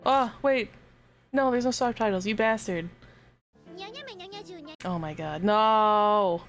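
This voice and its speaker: A woman streaming a game live, chatting casually to her viewers, giggling and swearing as she gets excited. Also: a little high, slow pace, faint music behind.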